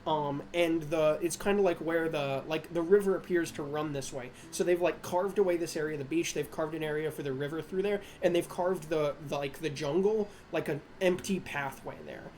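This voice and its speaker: A man's voice: fairly high pitch, moderate pace, hardly any pauses, a little mellow, a little hiss or hum. A man narrating as game master of a tabletop game, rambling with many fillers and restarts and laughing at himself.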